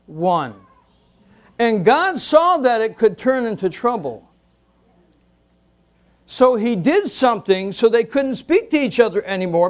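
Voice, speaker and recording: A man preaching a sermon to a congregation, slow and emphatic, repeating key words for weight. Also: very high voice. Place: church before a congregation.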